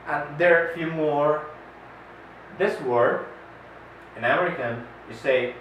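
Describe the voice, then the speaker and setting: Slow-talking male teacher in an echoey classroom. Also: mid-range voice, a bit bright. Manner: slow, deliberate, with many "uh" pauses and repeated model words. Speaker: English teacher. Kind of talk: classroom micro lesson. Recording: echoey room, voice far from the mic, faint noise.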